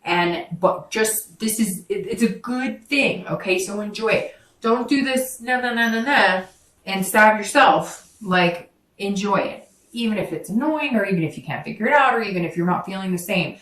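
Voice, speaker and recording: A woman with a mid-range, slightly bright voice does a casual tarot reading, addressing her viewers directly as she rambles and corrects herself. Her intonation is lively and her pace moderate. She sits away from the mic in an echoey room.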